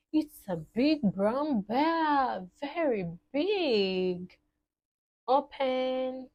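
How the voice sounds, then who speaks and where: Slow sing-song woman teaching toddlers. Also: high voice, animated, muffled recording. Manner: slow, exaggerated and cheerful, imitating animal sounds. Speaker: children's teacher.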